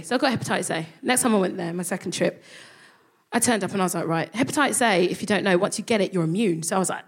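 A woman's voice: mid-range voice, fast, a little hiss or hum. A woman, telling a comic story on a live stage, swearing freely and acting out the people in it. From England. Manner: animated, swearing, acts out voices, laughs at own jokes. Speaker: comedy podcast co-host. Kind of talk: live stand-up storytelling before an audience.

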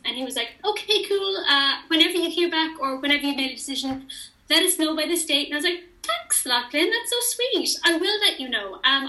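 A woman's voice: sits high, reverberant, low-quality recording. A young woman telling a story in casual chat, acting out the quoted dialogue. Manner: animated storyteller who acts out quoted dialogue. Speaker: interview guest.

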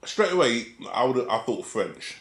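A young man with a London accent, joking around casually on a podcast. His pitch rises and falls a lot, and the room around him sounds echoey. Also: big pitch swings, a little slow. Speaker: podcast co-host. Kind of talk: casual chat.

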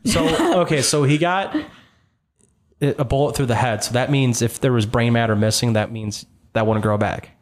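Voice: medium pitch, normal speed. A game master narrating a tabletop game in a loose, joking way with casual swearing.

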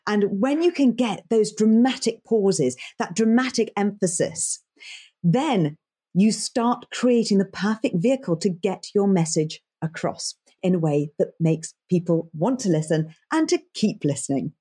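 A woman voice coach giving emphatic, animated advice as a guest in a podcast interview. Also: mid-range voice, a little slow, breathy edge. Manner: animated and emphatic, stresses key words.

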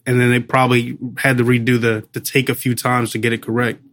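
A chatty man co-hosts a casual movie review podcast, his voice pitched in the middle range. He laughs easily and trails off mid-sentence while he hunts for a name. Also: level tone, moderate pace, a bit bright. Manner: chatty, laughs often, trails off searching for names. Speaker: podcast co-host.

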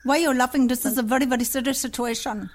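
A woman's voice: high voice, fairly even intonation, quick pace, slight background noise, lightly acted. Woman putting on a stern Indian-accented complaints officer. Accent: put-on Indian accent. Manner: stern, bureaucratic, full of hesitations. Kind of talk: prank phone call.

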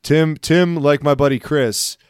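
A man's voice: on the high side, steady tone, a little slow, clean tone, no room sound, studio quality. Laughing, foul-mouthed man on a podcast. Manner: laughs often, swears freely. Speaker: podcast co-host. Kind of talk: casual crude banter.

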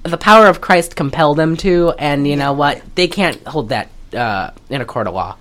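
A woman co-hosting a podcast, recapping a movie in casual chat, animated and profane, with lots of fillers and laughter. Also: sits low, normal speed, soft background music. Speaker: podcast co-host.

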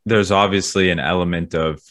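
Low-voiced male co-host, loose rambling chat with lots of filler. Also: fairly even intonation, brisk, fairly bright tone. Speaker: podcast co-host. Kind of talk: casual chat.

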